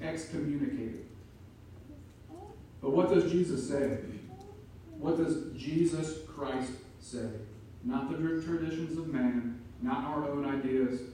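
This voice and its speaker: Man preaching a sermon, emphatic, mellow tone, echoey church room, mic far off. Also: fairly high pitch, a little hiss or hum. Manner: emphatic, rising to loud peaks. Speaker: pastor. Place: church sanctuary.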